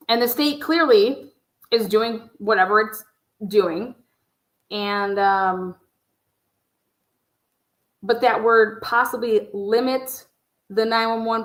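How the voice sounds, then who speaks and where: A woman's voice: medium pitch, fairly bright tone. A woman giving casual livestream commentary as a true crime YouTuber. She talks in a blunt, profane, rambling way, full of asides. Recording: roomy echo.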